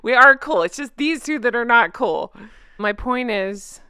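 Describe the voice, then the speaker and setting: Heated middle-aged woman ranting on her vlog, kinda high voice, super dry sound. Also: animated, a little slow, pushed and bright, clean tone, no echo. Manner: reads viewer comments aloud. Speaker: commentary channel host. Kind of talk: opinionated commentary vlog.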